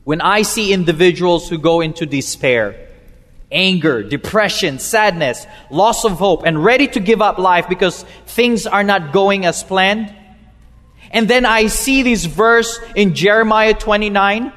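A high-pitched man delivers a slow, unhurried sermon as pastor of a church. He stumbles into little repeats, then drops his voice low on the words that matter. The sound carries a long echo from the hall. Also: fairly bright tone. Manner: emphatic preaching with halting repeats, slows and drops low for key words.

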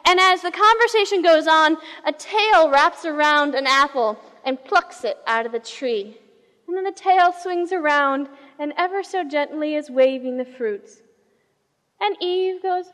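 Woman pastor preaching with lively storytelling, high voice, reverberant church hall. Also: unhurried. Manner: animated storytelling, shifting pace and volume. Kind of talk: sermon.

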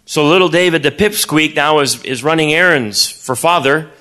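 A man preaching a sermon, telling a story with animated delivery and acting out the voices of its characters. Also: a little high, moderate pace. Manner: animated, acts out voices, repeats words.

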